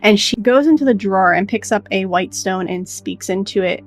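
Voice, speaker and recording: A woman's voice: mid-range voice, normal speed, soft background music. A woman running a tabletop game as game master, narrating in a loose, casual way with lots of "like".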